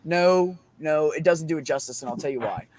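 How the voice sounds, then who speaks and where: A man chatting casually on a podcast, telling excited stories and swearing often. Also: fairly high pitch, brisk, slight background noise. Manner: excited storytelling, frequent swearing. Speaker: podcast host. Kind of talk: casual chat.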